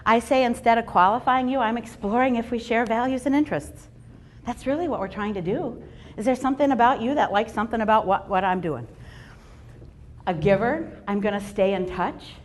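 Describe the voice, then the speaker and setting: A middle-aged woman giving a motivational keynote talk to a live audience in a large room, animated and playful, acting out little voices. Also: medium pitch, slight background noise. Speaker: fundraising speaker.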